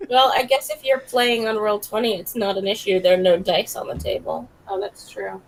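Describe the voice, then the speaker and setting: A woman's voice: mid-range voice, fairly even intonation, normal speed, vocal fry, rough recording. A woman playing a tabletop game, laid-back and agreeable in casual banter. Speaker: player.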